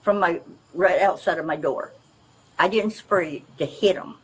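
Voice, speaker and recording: A woman's voice: fairly low pitch, unhurried, slightly rough, poor audio. An older woman rambling and complaining insistently to a police officer, recorded on a bodycam. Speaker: resident questioned by police. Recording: outdoor bodycam audio with faint noise.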